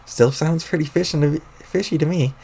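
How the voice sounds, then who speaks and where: A man's voice: on the high side, a little fast, creaky, mellow, slightly rough. A man voicing a bubbly young female sea troll in a raised, sweet and puzzled tone, while reading a webcomic aloud on stream.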